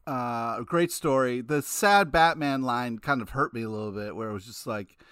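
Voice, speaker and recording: A man co-hosting a casual comic review chat, talking in an excitable, rambling way. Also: mid-range voice, moderate pace, clear, resonant tone, no echo, clean studio sound. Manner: excitable, rambling, many fillers. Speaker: co-host.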